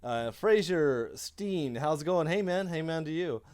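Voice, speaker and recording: A man's voice: on the high side, animated, a little slow, darkish tone. A man hosting a casual live stream about his drone hobby from his home office, rambling through fillers and restarts as he speaks into a desk microphone. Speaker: drone hobby channel host.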